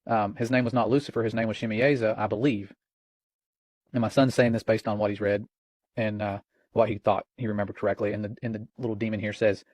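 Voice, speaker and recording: A man's voice: on the low side, little pitch movement, brisk, a little mellow, dry recording. A man hosting religious commentary, earnest and warning, retelling a conversation line by line.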